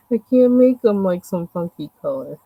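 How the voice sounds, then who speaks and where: A woman's voice: medium pitch, creaky, no echo, phone-quality sound. A woman chatting casually and rambling with lots of fillers while she colors on a livestream. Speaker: livestream host.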